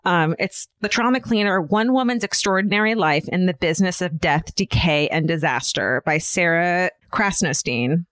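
A woman co-hosting a podcast in casual chat, animated and swearing freely. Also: fairly low pitch, moderate pace, hardly any pauses, no room sound, studio quality. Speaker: podcast co-host.

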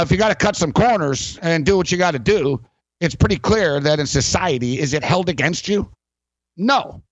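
A man's voice: high-pitched, no echo, muffled recording. A man hosting a sports talk radio show, ranting in a rambling, sarcastic way with many fillers.

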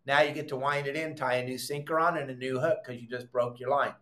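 A middle-aged man hosting a fishing podcast, explaining technique in an emphatic, animated way, repeating his commands and adding exasperated asides. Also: medium pitch, quick pace. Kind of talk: animated how-to fishing talk. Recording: echoey room.

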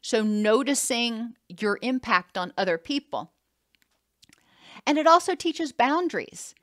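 A woman's voice: a little high, lively intonation, a little slow, no echo, clean studio sound. A woman giving an educational talk on child attachment, explaining steadily and acting out what a caregiver might say. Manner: explanatory, acts out caregiver quotes, some restarts.

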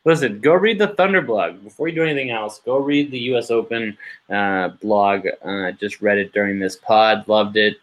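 A young man co-hosts a sports podcast in casual talk, hesitating and leaning on fillers. His voice sits somewhat low for a man. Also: moderate pace, low-quality recording. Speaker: podcast co-host.

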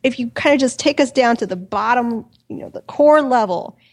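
Woman with a fairly high voice, thinking aloud. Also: expressive. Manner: thoughtful, halting, restarts often. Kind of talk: casual podcast chat.

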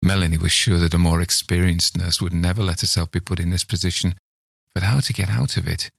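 A man reading a story aloud in a measured, unhurried narration. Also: sits low, fairly even intonation, gravelly, breathy edge, dry recording, studio quality. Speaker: reader of stories.

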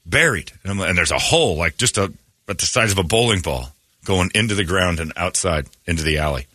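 A man's voice: deep voice, expressive, fairly quick, pushed and bright, no echo, clean studio sound. A man hosting a morning radio show, telling rambling, joking stories in casual banter.

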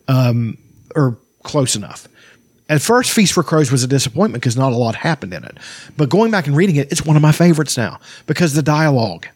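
Man, casual chat, enthusiastic, swears freely, mid pitch. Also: slightly rough, no room sound.

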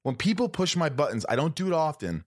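Animated, profane man telling stories. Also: on the high side, fast. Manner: animated, profane, acts out quotes. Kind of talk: casual storytelling chat.

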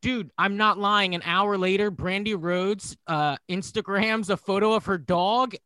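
A man's voice: high-pitched, unhurried, bright, forceful tone, clear, resonant tone, dry recording. A man co-hosting a comedy podcast, telling rambling crude comic stories. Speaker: podcast co-host. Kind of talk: casual comedy podcast chat.

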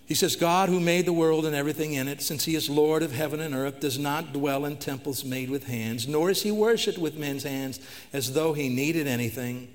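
A man's voice: on the high side, normal speed. A man preaching a sermon, reading scripture aloud and then explaining it plainly as he urges the listeners to respond. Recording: long reverb of a large hall.

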